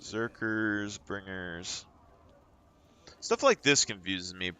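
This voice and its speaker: A man's voice: fairly low pitch, slow pace, pushed and bright, clear, resonant tone. A young man streaming a game, chatting and rambling through stories as he plays. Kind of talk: casual chat while playing.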